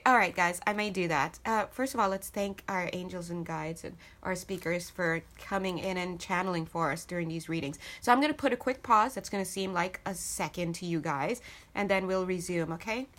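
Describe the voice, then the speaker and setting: A woman's voice: mid-range voice, fairly bright tone. A woman giving a casual tarot reading to her viewers, chatty and talking straight to them. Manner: chatty, laughs often, addresses viewers as guys. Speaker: tarot reader.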